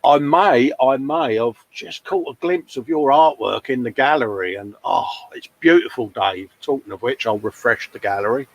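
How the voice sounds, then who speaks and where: A medium-pitched man with lively intonation speaks at a moderate pace with few pauses, and the recording has its highs cut off. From his hobby workbench at home he hosts a live model-painting stream, chatting casually, reading viewer comments, poking fun at himself with frequent laughs, and calling people mate.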